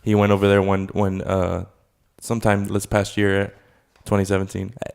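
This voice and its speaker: A man's voice: low voice, completely flat delivery, normal speed, creaky, darkish tone, smooth. A man co-hosting a casual podcast, telling loose, profane stories and slipping into mock voices. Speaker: podcast co-host. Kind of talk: casual chat.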